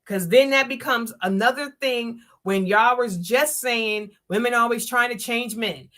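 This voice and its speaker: A woman hosts a live-streamed talk show, speaking emphatically and preaching her point. She often acts out other people's words in voices. Her voice is fairly high, a little slow and a bit bright.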